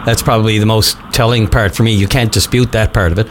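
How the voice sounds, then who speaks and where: A man's voice: on the low side, fairly even intonation, fast talker. A male radio talk host speaks carefully and evenly into a studio mic, weighing his words with small fillers. A faint hiss is heard behind him. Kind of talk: radio call-in hosting. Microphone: studio microphone.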